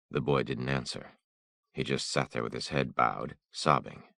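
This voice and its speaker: A man narrates an audiobook in a measured, somber way. His voice is extremely deep and gravelly, recorded close and dry. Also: fairly even intonation, sharp tone, no room sound.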